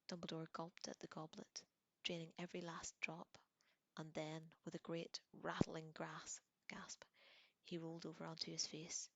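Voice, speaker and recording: A woman whispers her way through a novel in close, soft whispered role-play, sometimes correcting a slip. Her voice sits low, and the sound is dry with no room echo. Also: completely flat delivery, moderate pace. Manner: soft, close whispered reading with small slips. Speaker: audiobook reader.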